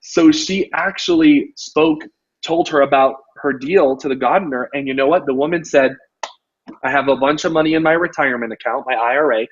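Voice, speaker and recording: Animated storytelling man, husky and lo-fi. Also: on the high side, fairly quick. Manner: animated storyteller, frequent "you know". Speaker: real estate coach and host. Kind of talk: casual interview chat. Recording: dull lo-fi audio.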